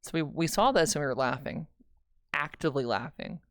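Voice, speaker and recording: A woman's voice: sits low, animated, a little fast, no room sound, studio quality. Candid young woman telling a heavy story. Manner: candid, emotional, swears, restarts often. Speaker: streamer. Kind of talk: casual storytelling on a livestream.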